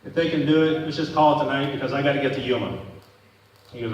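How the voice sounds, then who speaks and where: Fast and fairly even in intonation, a slightly high male voice carries a rambling, profane stand-up story before a live crowd. It's an event hall at a live show, heard echoey and from a distance.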